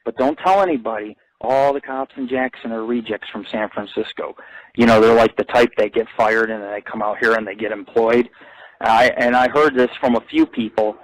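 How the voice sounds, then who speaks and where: Crude ranting radio host, dry close mic. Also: male voice, normal speed, dry recording, rough recording. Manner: crude, ranting, swings between low mutter and loud outburst. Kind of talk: profane rambling monologue.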